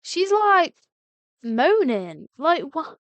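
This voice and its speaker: A woman's voice: extremely high pitch, sing-song, very slow, no echo, lo-fi sound. A young woman streaming a game live, chatty and exasperated, swearing at the game. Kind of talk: live gameplay commentary.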